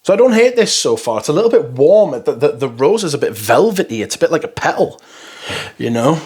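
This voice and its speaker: A man's voice: a little high, big pitch swings, brisk, a little mellow, breathy edge. A man giving casual, rambling first impressions of fragrances, blunt and full of swearing. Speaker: fragrance reviewer.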